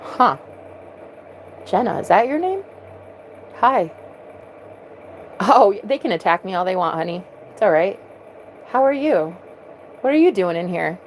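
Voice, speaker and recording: A woman's voice: mid-range voice, big pitch swings, measured pace, long pauses, a little hiss or hum, rough recording. Woman putting on a brash confident guy, swears, all swagger. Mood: friendly. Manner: swaggering, profane. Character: brash confident male healer, cocky.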